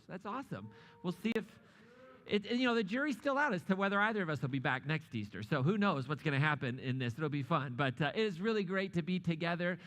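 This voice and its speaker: A man's voice: a little high, fairly bright tone, big-room sound. A middle-aged man preaching a sermon to a live congregation in a church, conversational and joking, often asking the audience questions. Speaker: pastor.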